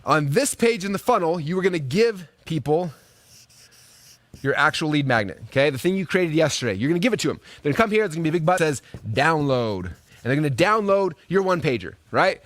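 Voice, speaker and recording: Fast, animated man teaching a live webinar. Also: a little high, dry recording. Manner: fast, energetic storytelling with lots of "right?" and "okay?". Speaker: online marketing coach.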